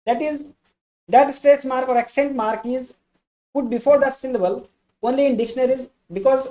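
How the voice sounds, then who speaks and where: A woman giving a lesson, explaining slowly and restating each point. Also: high-pitched, steady tone, warm tone. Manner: addresses listeners as dear friends. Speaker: English teacher. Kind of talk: classroom lecture.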